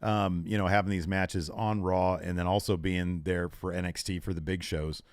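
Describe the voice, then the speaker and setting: A man's voice: sits low, level tone, moderate pace, dry recording, clean studio sound. A man co-hosting a podcast in casual chat, retelling scenes and reading characters' lines with laughs. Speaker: podcast co-host.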